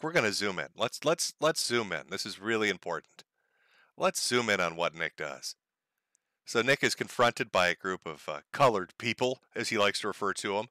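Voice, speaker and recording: Man, stream host, sarcastic clip commentary, bright ringing voice, swooping pitch. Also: very animated, normal speed, dry recording. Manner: sarcastic, profane, amused. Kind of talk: mocking video commentary.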